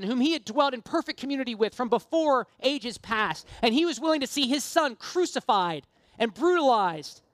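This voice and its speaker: A woman's voice: high-pitched, no room sound, studio quality. A woman preaching a sermon, earnest and impassioned, mixing casual self-deprecating asides with emphatic appeals.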